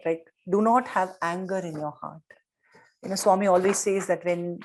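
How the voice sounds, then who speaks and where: A middle-aged woman giving a devotional talk on parenting, gently telling stories and retelling quotes. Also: lowish voice, slight background noise.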